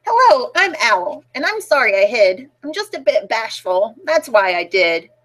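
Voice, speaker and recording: A woman's voice: on the high side, very animated, moderate pace, a bit bright. A woman voicing a shy, bashful little owl in a children's storybook, sounding apologetic and timid.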